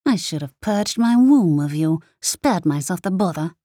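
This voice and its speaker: A woman voicing a cruel, bitter sorceress who treats her daughter with slow, cutting scorn. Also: on the low side, lively intonation, dark tone, no echo, studio quality. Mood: bitter, scornful.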